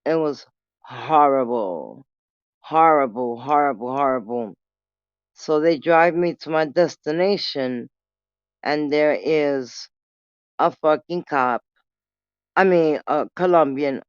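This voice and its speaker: A woman telling a story casually on her vlog, animated and full of swearing. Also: low-pitched, slow, pauses often, clean tone, no echo, highs cut off. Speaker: vlogger.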